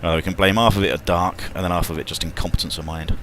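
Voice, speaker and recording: A man's voice: sits low, steady tone, fast, a bit bright, slight background noise. A British man, an airline pilot, chatting and joking casually over voice chat while running checklists aloud, with mild swearing. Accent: British English. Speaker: airline pilot streaming a flight simulator.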